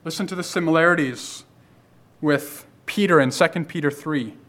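A man preaching a sermon, building emphasis through repeated phrases and slowing down to stress key lines. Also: a little high, fairly bright tone.

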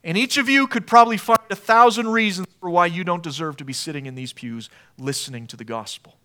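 A man preaches from the pulpit in a slightly high voice. He drops to near-hushed tones, then builds to forceful emphasis. It is a church sermon delivered to a congregation in the pews. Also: fast. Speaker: pastor. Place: church sanctuary.

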